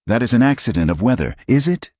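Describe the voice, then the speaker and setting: A man voicing a quiet, watchful woman who speaks slow, deliberate and blunt. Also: mid-range voice, sing-song, no room sound, studio quality, voice pushed up.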